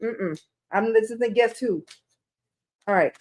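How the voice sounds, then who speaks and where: Woman doing a tarot live, kinda high voice, rambly and chatty, chats with viewers. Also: slow, darkish tone. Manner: laughs at her own slips. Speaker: tarot reader on a live stream. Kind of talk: casual live stream chat.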